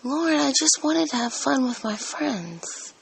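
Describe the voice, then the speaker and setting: A woman on a heated phone call, speaking low and pleading as she tries to calm the caller. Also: unhurried, gravelly.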